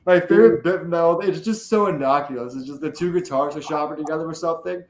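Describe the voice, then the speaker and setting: A man's voice: a little high, quick pace, darkish tone, slight background noise. A man co-hosting a casual podcast chat, rambling and swearing, laughing often. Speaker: podcast co-host. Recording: echoey room.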